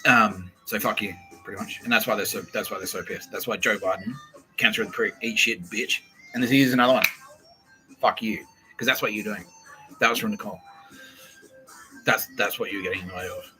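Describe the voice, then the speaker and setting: Man, podcast host, sharp bright voice, swearing rants, frequent laughter. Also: lowish voice, fairly even intonation, fairly quick, pauses often, faint music behind, low-quality recording. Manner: profane, laughs often, rants. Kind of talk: rambling solo monologue.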